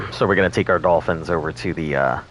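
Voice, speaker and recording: A man's voice: sits low, huge pitch swings, moderate pace, vocal fry, slight background noise. A man streaming a game, chatting casually and rambling, laughing often. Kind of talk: casual gaming chat.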